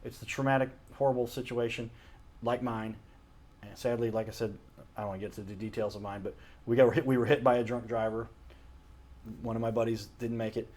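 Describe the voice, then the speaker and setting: Recording himself on a camera mic in his home studio, a show host speaks earnestly and casually to the lens, rambling and frequently correcting himself. His mid-range voice is level, a little fast, and somewhat dark.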